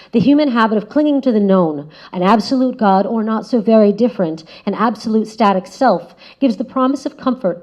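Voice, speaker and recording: A woman delivers a prepared talk as a guest speaker, her pitch sitting in a middle range. She speaks in a measured, reflective way, often letting phrases fall softer at their ends. The recording sounds a little dull and lo-fi. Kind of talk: prepared spoken essay. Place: lecture room. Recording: slightly dull lo-fi audio.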